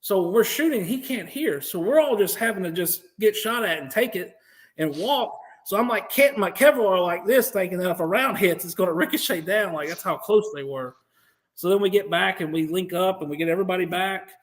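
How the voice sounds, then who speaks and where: American male guest, slightly high voice, animated, swears freely, acts out what others said. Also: a little fast. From United States. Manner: profane, animated, acts out quotes. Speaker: podcast guest, veteran. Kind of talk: interview storytelling.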